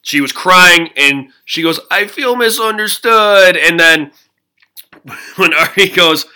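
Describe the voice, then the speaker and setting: A man's voice: a little high, fairly even intonation, slow pace, sharp tone. A man co-hosting a podcast, chatting casually and laughing as he recaps a reality show. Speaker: podcast co-host. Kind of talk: casual chat.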